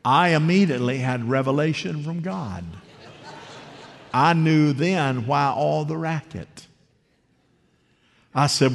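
A man's voice: medium pitch, expressive, unhurried. A man preaching a conversational, story-driven sermon who keeps asking the congregation questions. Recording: long hall reverb.

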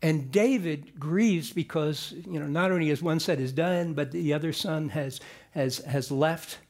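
High-voiced man preaching in a lively storytelling way. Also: a little slow. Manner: animated storyteller with joking asides and frequent restarts. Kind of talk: conversational sermon retelling a Bible story.

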